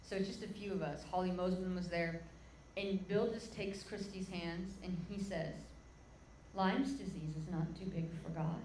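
A woman's voice: mid-range voice, a little hiss or hum. A woman preacher telling a heartfelt story from the pulpit, her voice rising with feeling as she speaks to the crowd. The sound carries a roomy echo with faint background ambience. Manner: emotional storytelling, addresses crowd as "guys". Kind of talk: sermon testimony.

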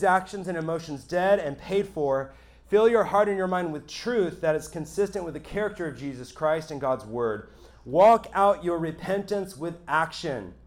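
Male pastor, high voice, emphatic talky sermon to a live room. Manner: conversational, emphatic, checks in with the audience.

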